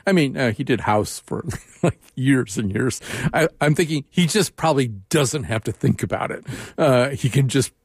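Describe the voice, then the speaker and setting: A man interviewing a guest, thinking aloud with many halting restarts. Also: mid-range voice, no echo, studio quality. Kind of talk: radio interview conversation.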